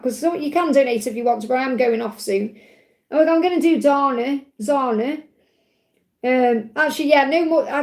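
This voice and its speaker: A woman's voice: high voice, a little mellow, echoey room, low-quality recording. A woman hosting a live card-reading stream, chatty and reassuring, often checking "okay?" with her viewers. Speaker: tarot card reader and livestream host.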